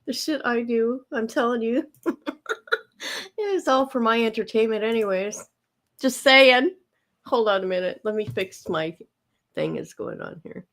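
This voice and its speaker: A woman's voice: fairly high pitch, expressive, moderate pace, fairly bright tone. A woman hosting a livestream in casual chat, talking straight to her viewers and repeating herself as she goes. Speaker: livestream host.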